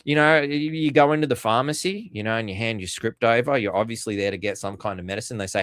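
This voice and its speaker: A man's voice: mid-range voice, brisk, fairly bright tone, no echo. A man hosting a podcast, rambling and sarcastic with frequent swearing and fillers. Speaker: podcast host. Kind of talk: casual commentary.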